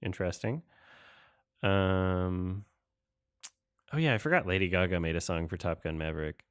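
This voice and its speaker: A man's voice: sits low, moderate pace, fairly bright tone, clean tone, no room sound. A young man hosting a casual online hangout, thinking aloud as he reads through award results. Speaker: host. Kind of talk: casual chat.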